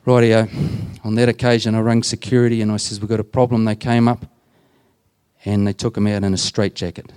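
A man's voice: on the low side, flat delivery, fairly quick, a little mellow, smooth. A man with an Australian accent, a prison chaplain telling plain-spoken stories to a group and retelling conversations. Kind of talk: storytelling talk to a group.

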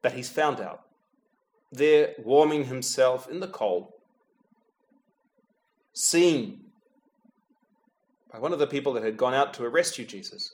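This preacher's mid-range voice moves a little slowly, broken by long pauses, as he gives a prayerful, contemplative homily. He talks to Jesus directly and drops to a hush on the name each time, weaving in light, gentle humor.

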